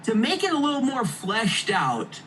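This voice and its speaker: Man, slow easy talk, higher voice, distant mic, faint hiss. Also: huge pitch swings, pushed and bright. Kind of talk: casual chat.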